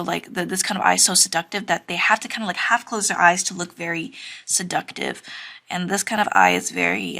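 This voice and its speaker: Chatty young woman with a gravelly edge. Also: lowish voice, fairly bright tone. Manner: chatty, many fillers, giggly and self-conscious. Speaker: drawing teacher. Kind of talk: casual drawing tutorial narration.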